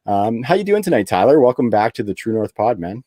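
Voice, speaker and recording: A man from Canada hosting a podcast, relaxed and easygoing, laughing readily between filler words. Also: lowish voice, fairly quick, dry recording, clean studio sound. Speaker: podcast host. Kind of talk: casual podcast chat.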